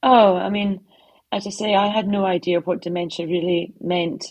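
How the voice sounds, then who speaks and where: With a low-leaning voice and fairly even intonation, a middle-aged woman talks at a moderate pace, with no room sound. As an author guest in her home office, she gives conversational interview answers built on heartfelt stories and soft asides.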